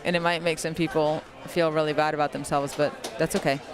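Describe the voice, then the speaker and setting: A woman's voice: low voice, little pitch movement, fairly quick, over music. A woman who plays the sport giving chatty, analytical color commentary at an outdoor venue, laughing easily. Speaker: color commentator and pro player. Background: crowd.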